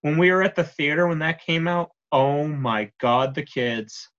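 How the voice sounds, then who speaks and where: A man's voice: a little high, measured pace, a bit bright, muffled recording. A young man co-hosting a casual chat, joking and swearing freely. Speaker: podcast co-host.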